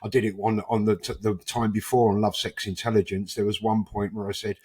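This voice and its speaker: A man with a lowish, fairly quick voice and a breathy edge appears as a podcast guest, a musician and club founder. In a casual interview he tells cheeky, animated anecdotes, acting out the people in them with quoted lines.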